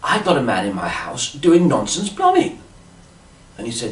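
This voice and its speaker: A man's voice: medium pitch, huge pitch swings, moderate pace, reverberant, far from the mic. A man telling a rambling comic monologue in a dotty, fussy manner, full of "you see" asides. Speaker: comic storyteller.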